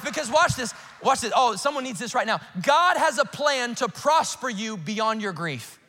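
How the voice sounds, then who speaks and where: A male pastor preaching a sermon, swinging between urgent outbursts and hushed, earnest asides. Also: very high-pitched, expressive, normal speed, few pauses, in a large hall. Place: church auditorium.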